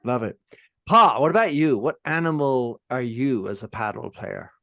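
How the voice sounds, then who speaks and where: A man's voice: medium pitch, animated, gravelly, fairly bright tone, no echo. Podcast host guy asking questions, bouncy voice, super dry sound. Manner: upbeat, quick affirmations. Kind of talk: casual interview.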